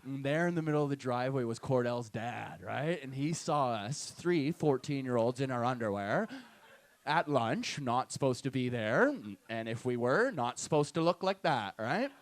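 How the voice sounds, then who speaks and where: A man's voice: medium pitch, animated, moderate pace. A young adult man doing a stand-up set and hosting a comedy night, telling a loose, profane story full of "right?" tags. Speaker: stand-up comic and show host. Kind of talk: stand-up set with crowd work. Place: comedy night venue with live audience.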